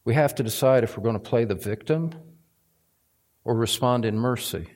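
A man's voice: medium pitch, normal speed, a little mellow. A male pastor preaching a sermon, emphatic, climbing to stressed points and repeating words for weight. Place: church sanctuary.

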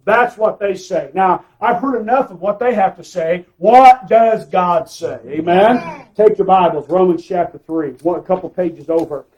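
High-voiced preacher guy, emphatic, keeps asking for amens. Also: normal speed, rough recording. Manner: emphatic, calls for amens, swings loud and soft. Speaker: pastor. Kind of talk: sermon.

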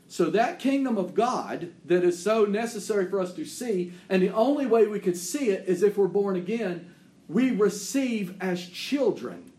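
A man preaching a sermon as pastor. He swings between loud, emphatic declarations and hushed, intimate asides. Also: high-pitched, lively intonation, normal speed, echoey room.

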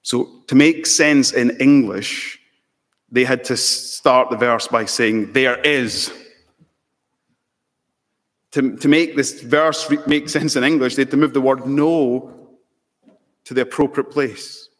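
Male pastor preaching a sermon, deliberate and emphatic, mid-pitched, recorded with a long hall reverb. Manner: slow and emphatic, building to fervent peaks.

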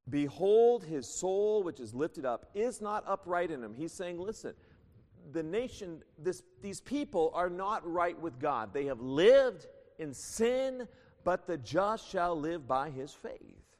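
A man preaching with fervent emphasis, his voice slightly higher than most men's and swinging widely as he reads scripture aloud. The sound carries a long reverb, as in a church hall. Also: animated, unhurried. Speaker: pastor. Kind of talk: sermon.

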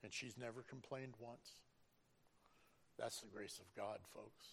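A middle-aged man speaks in a gravelly voice. His tone is earnest and preacherly as he gives a personal testimony. At times his feeling breaks through. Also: medium pitch, steady tone, measured pace, a bit bright, slight background noise. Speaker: school bus driver.

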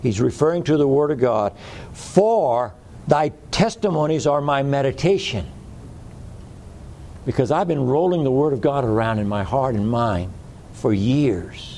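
A man's voice: mid-range voice, animated, measured pace, a little mellow, slight background noise. A man preaching a sermon in a folksy way, repeating phrases for emphasis.

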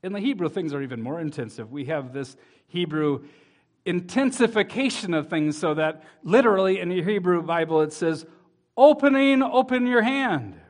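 High-voiced man preaching a sermon. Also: expressive, a little fast. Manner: preaching with rising emphasis and quotes from scripture; addresses children in the congregation. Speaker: pastor.

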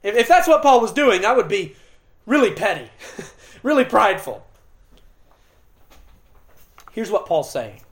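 A middle-aged pastor delivering an expository sermon, earnest and emphatic, with dramatic pauses and occasional restarts. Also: male voice, sits high, sing-song.

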